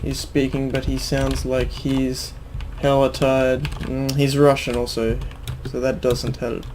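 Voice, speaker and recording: A man's voice: mid-range voice, completely flat delivery, takes it slowly, a little mellow, slight background noise. An Australian man giving casual gameplay commentary, swearing a lot, laughing often and muttering under his breath. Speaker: gamer host.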